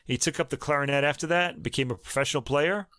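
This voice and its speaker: A man co-hosting a music podcast, chatting casually and thinking aloud with many pauses and ums. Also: on the high side, a bit bright, no room sound, clean studio sound. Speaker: podcast co-host. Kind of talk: casual chat about recordings.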